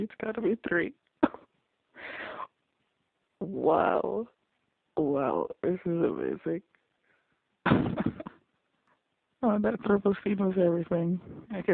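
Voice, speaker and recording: A person reacting to a TV episode in casual audio commentary, excitable and gushing, quick to get emotional. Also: mid-range voice, creaky, no room sound. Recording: dry, tinny phone-like sound.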